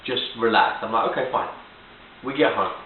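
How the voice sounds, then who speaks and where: A man's voice: on the low side, normal speed. A man in his forties telling a story as a sarcastic, exasperated rant, acting out the people in it. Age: 40s. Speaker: family vlogger. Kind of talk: ranting personal story. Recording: echoey, distant, tinny, hissy home video.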